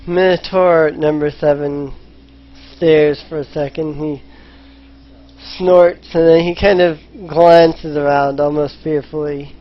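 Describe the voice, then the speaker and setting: A man narrating a tabletop game as dungeon master, unhurried and using fillers, on a muffled recording. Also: on the high side, fairly even intonation. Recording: lo-fi voice chat with faint noise.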